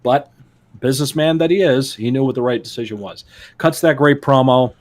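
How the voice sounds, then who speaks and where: A man's voice: medium pitch, a little fast. A man co-hosting a wrestling podcast, telling stories in a casual chat, laughing often and acting out quotes. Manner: animated storyteller, laughs often, acts out quotes. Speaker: podcast co-host.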